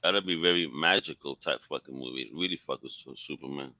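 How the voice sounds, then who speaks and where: Man co-host, low, bright edge, profane opinions, lo-fi dry sound. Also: fairly quick, dry recording. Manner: blunt, opinionated, heavy swearing. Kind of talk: casual live chat show.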